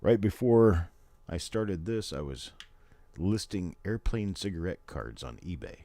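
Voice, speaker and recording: An older man talks in a very deep, gravelly voice with a dark, mellow tone. He hosts a casual live stream from home, rambling along in a folksy way with plenty of chatty asides. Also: expressive, a little slow, no echo. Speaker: host. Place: his home.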